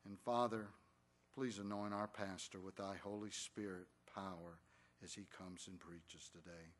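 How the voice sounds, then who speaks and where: A man's voice: low voice, fairly even intonation, unhurried. A man leading a reverent, earnest prayer before a church service. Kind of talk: spoken prayer. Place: church sanctuary.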